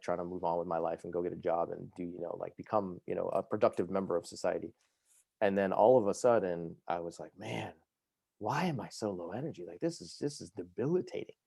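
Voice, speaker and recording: A man tells his personal story as a guest on a podcast, rushing through it with plenty of fillers. His voice sits very low and has a gravelly fry. The sound is mellow and dark, with no room echo. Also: studio quality. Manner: fast, lively, full of fillers like "you know" and "like".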